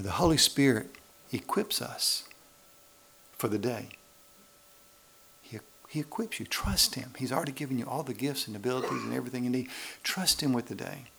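A man's voice: mid-range voice, creaky, fairly bright tone, slight background noise. A man preaching a sermon in a church, acting out little voices to make his points. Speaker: pastor.

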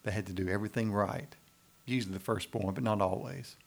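A man's voice: fairly low pitch, fairly even intonation, brisk, vocal fry. A man preaching a sermon, speaking in a folksy, conversational way and often asking the congregation "right?". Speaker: pastor.

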